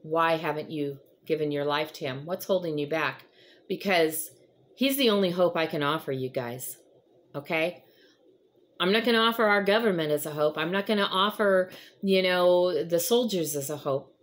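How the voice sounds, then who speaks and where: A woman's voice: lowish voice, normal speed. A woman giving a casual devotional talk in an earnest, encouraging way, rambling a little with frequent fillers. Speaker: host of a devotional chat.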